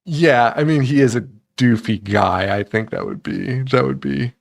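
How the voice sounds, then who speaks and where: A man co-hosting a casual horror movie podcast, animated, laughing often and swearing freely. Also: mid-range voice, moderate pace, creaky. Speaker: podcast co-host.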